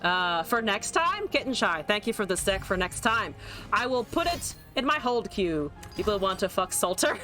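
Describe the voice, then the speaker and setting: A young woman in her twenties or so plays a card game on stream, reacting animatedly with laughter and swearing while she answers chat by reading it aloud. She has a mid-range voice at normal speed, and faint music plays in the background.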